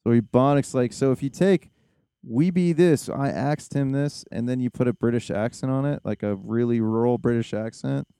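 A man hosts a podcast in loose, rambling chat, excitable and full of fillers. His voice is smooth and warm, and the recording is dry and close. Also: medium pitch, fairly quick, hardly any pauses, no room sound. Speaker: podcast host. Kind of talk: casual chat.

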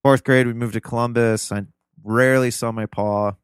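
A man's voice: mid-range voice, fairly even intonation, moderate pace, smooth, no room sound, clean studio sound. A man from Ohio, a podcast guest, telling family stories in a loose, earnest, rambling way. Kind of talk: casual interview storytelling.

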